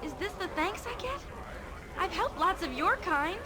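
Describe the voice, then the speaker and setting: A woman's voice: very high-pitched, expressive, moderate pace, crowd noise. A woman voicing a young noblewoman in a game who pleads for help in a plaintive tone. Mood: pleading. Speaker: game character.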